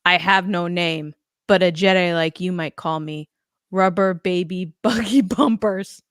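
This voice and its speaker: Lady doing a gruff action hero guy, deadpan one-liners, dry sound. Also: lowish voice, a little slow, no echo, close to an everyday voice. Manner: self-mocking, labels it a bad impression.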